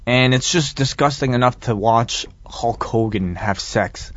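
A man's voice: mid-range voice, unhurried, dry recording, dull audio. A man co-hosting a casual chat, recapping a film scene in a rambling, exasperated way. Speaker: podcast co-host reviewing a film.

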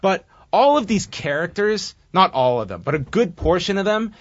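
A man with a slightly higher voice talks through a recap in loose, casual podcast chat. He gets animated when he acts things out. The sound is dull and dry, with a lo-fi edge. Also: moderate pace, no room sound. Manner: chatty recapping, animated when acting out moments. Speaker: podcast co-host recapping wrestling.

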